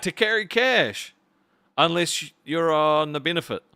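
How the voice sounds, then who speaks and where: A man with a New Zealand accent who talks in halting, hesitant bursts and laughs easily. His voice is bright and swings widely in pitch, recorded close and dry. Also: animated, clean tone, no echo. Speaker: guest. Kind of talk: casual livestream chat.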